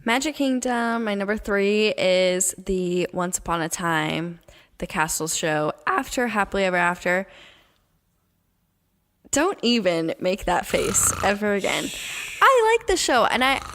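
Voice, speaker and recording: A woman's voice: medium pitch, animated, unhurried, fairly bright tone, big-room sound. A woman co-hosting a casual podcast, talking in a chatty way with lots of "like" and "you know". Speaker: podcast co-host. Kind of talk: casual chat.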